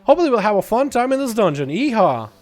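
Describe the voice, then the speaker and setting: Man doing a folksy Southern cowboy, put-on Southern US drawl, high and cheery, game stream. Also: sing-song, fast. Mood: folksy cheerful.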